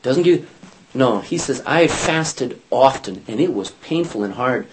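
A man's voice: mid-range voice, animated, a little slow, slight background noise, low-quality recording. A man teaching a Bible study, asking his listeners questions and acting out scripture quotes in character voices.

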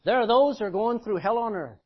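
A middle-aged male preacher giving a sermon in an emphatic, folksy way, swinging between loud declarations and quiet asides. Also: sits high, lively intonation, brisk, breathy edge, lo-fi sound.

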